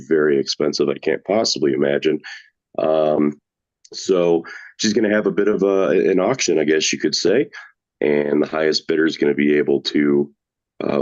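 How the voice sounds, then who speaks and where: A man with a very low voice hosts a casual paranormal podcast, cracking jokes and rambling with plenty of "uh"s. The recording sounds dull and lo-fi. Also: a little mellow. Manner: jokey, loose, rambling with fillers. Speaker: podcast host.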